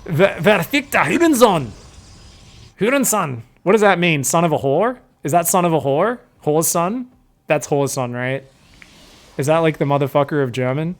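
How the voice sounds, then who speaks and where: Excitable man casting a strategy game. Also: fairly high pitch, moderate pace. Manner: laughing often, playful, putting on mock voices for players. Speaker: game caster. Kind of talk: excitable esports commentary.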